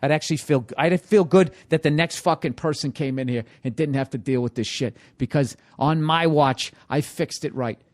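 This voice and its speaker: A man hosting a podcast, ranting comically about his house with constant swearing and rhetorical questions, swinging between loud outbursts and low muttering. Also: normal speed, few pauses. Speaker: podcast host. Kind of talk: profane comedic rant.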